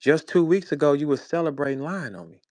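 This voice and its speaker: A man's voice: a little high, animated, fast, darkish tone, no room sound. A man in his forties from St. Louis, a rapper ranting in a confrontational, profane way in an online audio chat, speaking over a phone. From St. Louis, USA. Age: 40s. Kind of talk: heated rant in an audio chat room. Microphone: phone in an online audio room.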